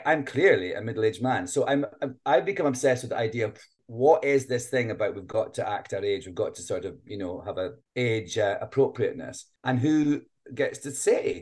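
A man's voice: mid-range voice, darkish tone. A man in his late fifties, a guest performer, musing chattily in an interview over a video call, often laughing. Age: 50s. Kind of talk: casual interview chat.

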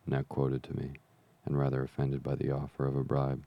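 A man reading an old adventure novel aloud as a calm bedtime story, slow, even and soothing. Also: extremely low pitch, vocal fry, highs cut off. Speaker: podcast reader.

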